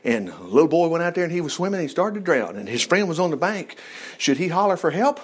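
Folksy man teaching scripture, rambling and joking, high voice that swings widely. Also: big pitch swings, fast talker, breathy edge. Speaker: Bible teacher. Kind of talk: casual Bible teaching.

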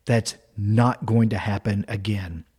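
A man voicing a calm, cool man who repeats a slow mantra to himself at a mirror. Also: slightly rough. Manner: slow, low, deliberate.

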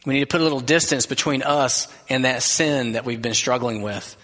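A man preaching a sermon as pastor, earnest and conversational, dropping to a soft gentle voice for quoted words. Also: mid-range voice, fairly quick. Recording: long reverb of a large hall.

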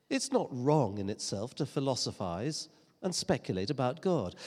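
Animated preacher in a reverberant church. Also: male voice, on the high side, slightly rough. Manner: earnest, emphatic preaching with rhetorical questions and dry humor. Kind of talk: sermon.

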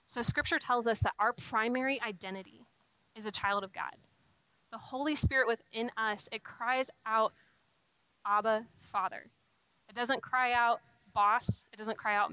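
A young woman delivers a sermon in an earnest, conversational way, often restarting phrases and slipping in casual fillers. Her voice sits a little high and sounds bright and forward. The recording is dry and close. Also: fairly even intonation, moderate pace, smooth, dry recording, rough recording. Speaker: speaker giving a talk on faith and singleness.

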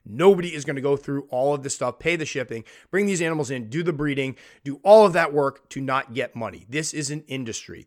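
A man hosting a podcast, speaking in an impassioned monologue and firing off earnest rhetorical questions. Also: medium pitch. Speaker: podcast host.

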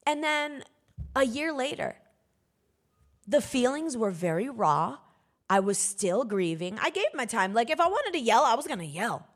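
A woman preacher giving an emphatic sermon, breaking into bursts of loud exhortation. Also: a little high, big pitch swings, normal speed.

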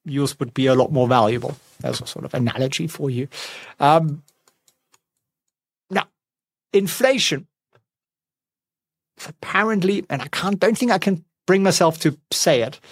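A man's voice: fairly high pitch, measured pace, long pauses, breathy edge, no echo, clean studio sound. A man giving casual stock market commentary at home, chatty and wry with sarcastic asides. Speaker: finance vlogger. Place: home, with a pet nearby.

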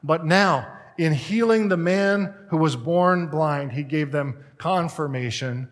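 A male pastor preaching a sermon in a conversational, animated storytelling way, retelling scripture and personal anecdotes. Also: a little high, slow, long reverb tail.

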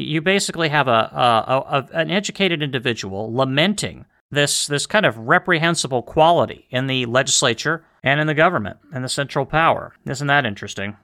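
A man's voice: medium pitch, pushed and bright. A man hosting a history podcast, talking earnestly and emphatically as he explains old letters and asks rhetorical questions. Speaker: podcast host leading a history study group.

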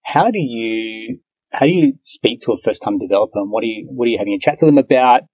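A man's voice: mid-range voice, animated, fast talker, a little mellow, breathy edge, lo-fi sound. A man with an Australian accent hosting an interview podcast, chatty and matey, with frequent fillers. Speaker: podcast host. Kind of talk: casual interview chat.

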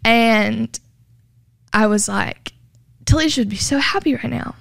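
A woman recounting her own story in an interview, earnest and full of "like," voicing the people she quotes. Her voice sits a bit high, with a gravelly fry running through an otherwise smooth tone. The sound is dry and close. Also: unhurried, fairly bright tone, no room sound. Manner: earnest, heavy use of "like", acts out quoted dialogue. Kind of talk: personal testimony.

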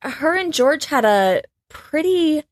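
A woman's voice: sits high, big pitch swings, takes it slowly, dry recording, studio quality. A woman hosting a podcast, casually retelling a true-crime case with lots of "like" and trailing phrases.

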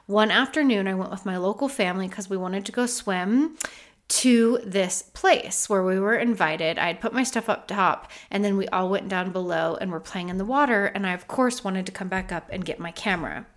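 A woman in her thirties hosting a podcast, telling a personal story in an earnest, reflective way that turns animated. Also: mid-range voice, normal speed. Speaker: podcast host.

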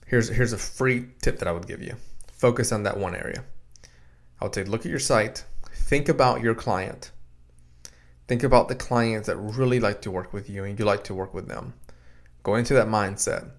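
A man's voice: fairly low pitch, normal speed. A man in his thirties or forties hosting a casual solo podcast from a home studio, talking through advice in a conversational way, often repeating words and acting out quoted exchanges. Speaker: podcast host and practice consultant. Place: home podcast room in a basement.

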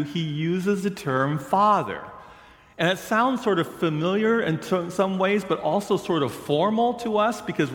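Slow-speaking pastor in an echoey hall. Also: male voice, a little high. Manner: storytelling, slow and deliberate. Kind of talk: sermon.

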